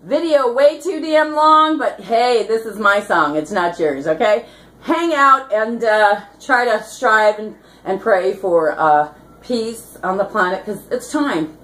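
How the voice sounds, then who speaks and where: A woman's voice: mid-range voice, slow, fairly bright tone, echoey room, poor audio. A woman activist giving a fired-up, rambling vlog monologue, full of rhyming catchphrases and giggling asides. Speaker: activist vlogger.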